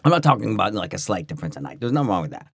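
A man co-hosting a podcast, telling a story in a rambling, animated way full of restarts and fillers. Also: lowish voice, rapid-fire, gravelly, husky, no room sound, studio quality. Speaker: podcast co-host. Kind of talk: casual storytelling chat.

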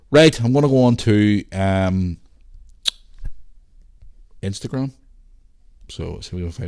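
A man's voice: sits low, darkish tone. A man with a Northern Irish Belfast accent hosting a podcast and chatting casually, rambling with lots of restarts and the odd swear. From Northern Ireland. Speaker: podcast host. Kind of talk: casual solo podcast chat.

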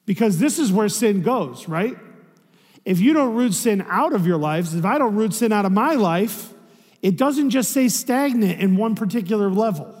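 Preaching in a chatty, conversational way, this pastor has a strikingly high voice for a man and a somewhat dark tone. He often poses rhetorical questions to check in with the congregation, his intonation lively and his pace normal. A long hall reverb carries his words away.

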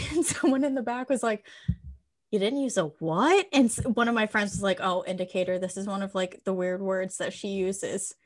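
A woman's voice: medium pitch, steady tone, normal speed. A woman with an Irish accent, from Ireland, co-hosting a podcast in casual chat and swearing freely as she rants playfully. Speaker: podcast co-host.

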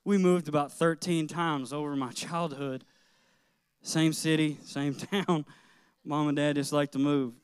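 A man's voice: a little high, smooth, dry recording, clean studio sound. A middle-aged man, a pastor, preaching a sermon in an earnest, personal way, telling childhood stories with light laughter.

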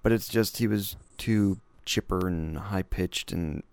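Gravelly-voiced laid-back male podcast host. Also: sits low, unhurried, a little mellow. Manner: laid-back, rambling, reads news items aloud. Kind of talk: casual chat.

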